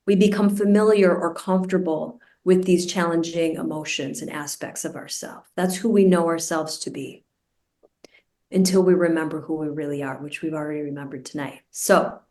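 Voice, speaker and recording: A woman meditation teacher guiding a group through a breathing practice, speaking slowly and deliberately, over a video call. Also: lowish voice, a little mellow. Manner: slow, deliberate, soothing instruction. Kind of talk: guided meditation instruction. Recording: roomy and distant from the mic.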